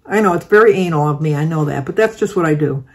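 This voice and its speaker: A woman's voice: deep voice, fast, slightly rough. An older woman vlogger telling a rambling, chatty everyday story, full of fillers and restarts. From Michigan, United States. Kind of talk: casual storytelling.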